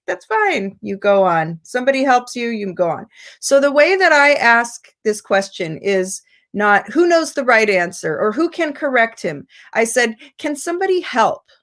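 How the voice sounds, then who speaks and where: American woman, teacher trainer, online lecture, slightly high voice, patient explaining. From United States. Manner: patient, explanatory, lively rising pitch on example prompts.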